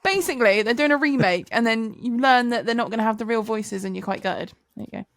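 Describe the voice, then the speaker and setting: A woman's voice: fairly high pitch, fast, fairly bright tone. A woman co-hosting a podcast in chatty, teasing banter and laughing often. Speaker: podcast co-host.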